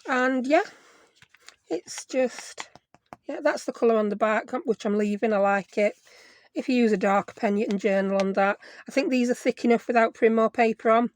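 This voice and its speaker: A woman's voice: fairly high pitch, moderate pace. A woman hosting a casual craft tutorial, chatty and self-deprecating, thinking aloud as she works. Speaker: craft video host.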